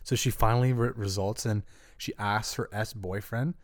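A man telling a story in casual chat, rambling with constant filler words and jumping into high voices for quotes. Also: fairly even intonation, normal speed, no room sound, clean studio sound.

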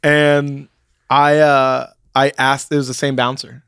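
A man's voice: medium pitch, level tone, slow pace, a bit bright, clean tone, no echo, studio quality. A man casually telling a long anecdote, rambling with many fillers and restarts.

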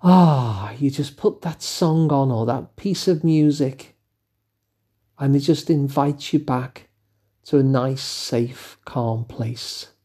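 Older English male host, dark husky voice, calm reflective delivery. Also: medium pitch, takes it slowly. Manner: gentle, musing, with fillers and asides. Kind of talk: reflective solo talk.

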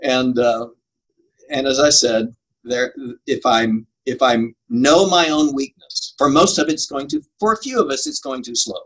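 A man's voice: mid-range voice, a little slow, fairly bright tone, poor audio. An older man answering interview questions about preaching, earnest and emphatic, laughing at himself now and then. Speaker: preaching coach.

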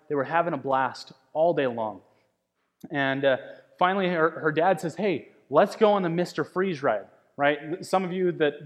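A man's voice: a little high, in a large hall. A male pastor preaching a sermon in a conversational way, often repeating words and building to emphatic peaks.

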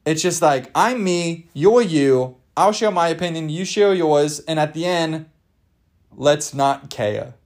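A man's voice: fairly high pitch, takes it slowly, a little mellow. A young man hosting a podcast, ranting in a rambling, jokey, over-the-top way and swearing freely. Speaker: podcast host. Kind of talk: casual comedic rant.

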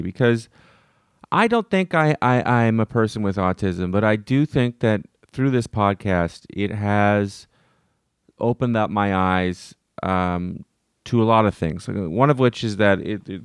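A man's voice: lowish voice, unhurried, smooth, dry recording, studio quality. A man co-hosting a podcast, joking in casual chat and often restarting his sentences. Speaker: podcast co-host.

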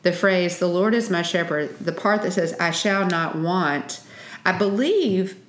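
A middle-aged woman, a parenting author who co-hosts a Christian parenting podcast, speaks at a fairly low pitch and a measured pace. Her tone is earnest and instructive, and she quotes scripture in a room with noticeable echo.

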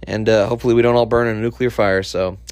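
A man's voice: lowish voice, fairly even intonation, fast talker, slight background noise. Irritated man ranting, heavy swearing. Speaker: podcast host. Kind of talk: solo podcast rant.

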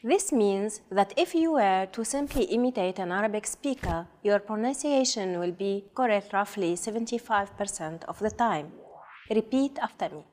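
A woman co-hosting a language lesson, speaking slowly and enunciating carefully as she models words for listeners to repeat. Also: mid-range voice, animated, darkish tone, a little hiss or hum. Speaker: co-host modeling pronunciation.

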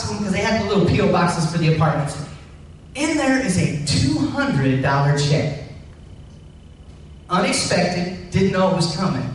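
Man preaching, high lively voice, echoey church hall, distant mic, faint room hum. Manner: animated storytelling, rising emphasis. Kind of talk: sermon testimony.

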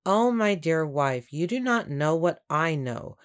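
Audiobook: woman voicing a smooth, dismissive landowner, low-pitched and unhurried. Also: animated. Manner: smooth, self-assured, dismissive. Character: scheming jovial male landowner, middle-aged. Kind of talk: audiobook character reading.

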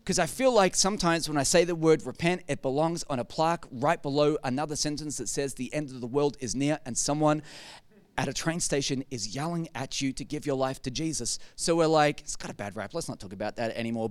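A man preaching a lively sermon, animated and joking, repeating words for effect. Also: fairly high pitch, no room sound.

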